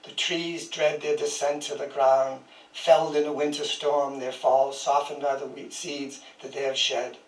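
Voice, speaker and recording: Speaking at an unhurried pace in a fairly high, flat voice, a guest poet in his sixties reads from his own work. Between poems he makes casual, dryly funny remarks and chuckles, and the distant mic captures the room of a small historic house.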